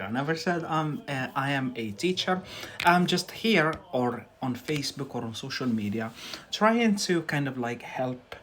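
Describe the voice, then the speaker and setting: A man's voice: medium pitch, expressive, measured pace, fairly bright tone. Chatty Algerian man teaching English live. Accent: Algerian with some Scottish. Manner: chatty, peppers speech with "yeah?". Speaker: English tutor. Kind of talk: live-stream English lesson.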